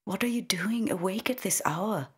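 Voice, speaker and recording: A woman voicing a tender, protective mother who talks softly and hushes. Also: medium pitch, normal speed, breathy edge, pitched above the performer's own voice. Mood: soothing.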